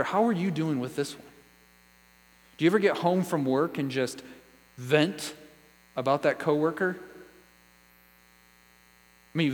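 A man's voice: fairly high pitch, long reverb tail, poor audio. A man preaching a sermon as a pastor, earnest and conversational, asking the listeners one question after another.

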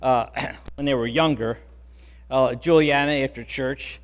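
A man pastor preaching a sermon in an earnest, conversational way, softening on key words. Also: medium pitch, fairly even intonation, measured pace, long reverb tail.

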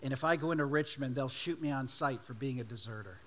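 A pleading, sheepish deserter soldier, starving and frightened, as a male preacher puts him on. He tells the tale low and hesitant. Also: fast talker, a bit bright, close to an everyday voice.

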